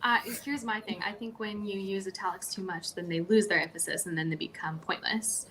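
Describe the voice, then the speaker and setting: A woman chatting on a live writing stream, mid-pitched and unhurried as she works through her thoughts out loud. Her talk is casual and a little rambling, with faint room noise behind her. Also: steady tone, rough recording. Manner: thinks aloud, musing and a little rambling. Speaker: writer co-host of a writing stream.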